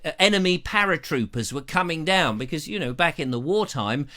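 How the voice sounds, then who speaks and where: Bright-voiced English man telling a story. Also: a little high, a little fast. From England. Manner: animated, mimics bell sounds and voices. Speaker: vlogger hosting a live stream. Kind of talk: rambling live-stream storytelling. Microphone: lavalier.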